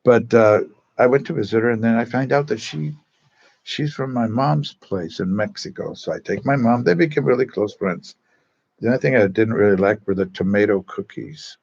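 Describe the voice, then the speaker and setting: A man's voice: mid-range voice, normal speed, creaky, a little mellow, breathy edge, lo-fi sound. A man, a Catholic priest, telling stories to a parish group in a chatty, digressive way with many asides, speaking in a church. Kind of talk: casual storytelling talk to a parish group.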